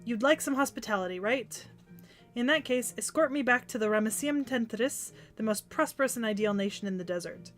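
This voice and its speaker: A woman's voice: a little high, animated, a little fast, faint music behind, natural voice. A woman reading the lines of a proud, short-tempered young pharaoh queen from a game, in a haughty, indignant way.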